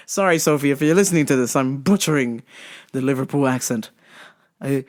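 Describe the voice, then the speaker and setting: A man's voice: medium pitch, a little fast, darkish tone. Male host, swears constantly, rambles, stops and restarts, laid-back monologue. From United States. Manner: profane, rambling, many fillers and restarts. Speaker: podcast host. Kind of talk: casual travel-recap monologue.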